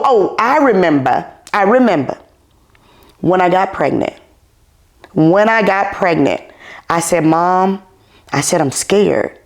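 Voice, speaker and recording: Animated woman host telling stories. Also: lowish voice. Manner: animated storyteller, laughs often. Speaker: podcast host. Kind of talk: casual chat.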